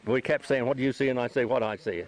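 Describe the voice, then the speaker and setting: Older guy rambling thru a story, repeats stuff, does everyones lines, mid-pitched. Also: steady tone, fast, low-quality recording. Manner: rambling, repeats himself, acts out quotes. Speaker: host and sighting witness. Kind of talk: casual storytelling chat. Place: outdoors near a trailhead.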